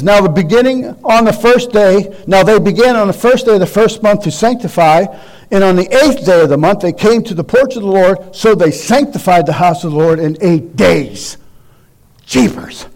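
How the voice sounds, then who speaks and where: A man's voice: high voice, a little mellow. A man preaching as a guest, reading scripture aloud and then driving his points home with emphatic, rising exhortation.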